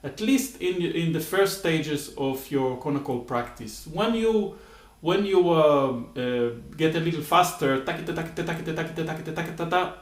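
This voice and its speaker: In an echoey room, a man with a voice on the high side gives a spoken rhythm lesson, demonstrating syllables by singing them. The music teacher explains patiently, step by step, with frequent "uh"s and "okay?" check-ins.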